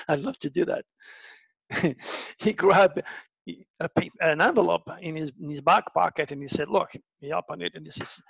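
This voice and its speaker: A man's voice: normal speed, vocal fry, dry recording. A man, an astrologer, telling stories in a casual monologue, acting out the voices of the people in them. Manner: animated, acts out quoted voices with big pitch jumps. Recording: dull lo-fi dry recording.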